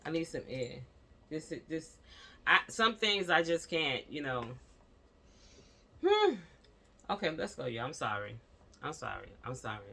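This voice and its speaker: A woman's voice: low-pitched, sharp tone. A woman vlogger at home, giving impassioned casual commentary on a news story and speaking straight to her viewers with repeated fillers.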